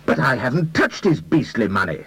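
A man's voice: lowish voice, big pitch swings, brisk, husky, no room sound, pitched above the performer's own voice, rough recording. A man doing a rattled, irritable young spendthrift. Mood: outraged. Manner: blustering, agitated, stammering. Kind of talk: audiobook character voice.

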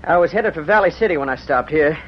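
A man's voice: on the high side, lively intonation, fast talker, slight background noise, lightly acted. A man playing a plainspoken, honest ex-cavalry sergeant in a 1930s-style radio drama, on a muffled old recording. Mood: friendly. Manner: plainspoken and direct.

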